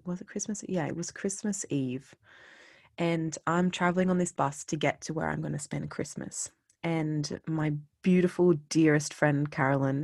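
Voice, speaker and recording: Gravelly-voiced casual storyteller. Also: mid-range voice, darkish tone, no echo, studio quality. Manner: chatty, with many fillers and restarts. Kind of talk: personal anecdote told casually.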